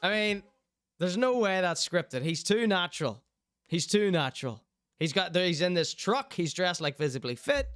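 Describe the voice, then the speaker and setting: Enthusiastic host, crisp voice. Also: male voice, high-pitched, very animated, moderate pace, fairly bright tone, no echo, clean studio sound, soft background music. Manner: enthusiastic, repeats himself. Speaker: show host. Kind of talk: casual show commentary.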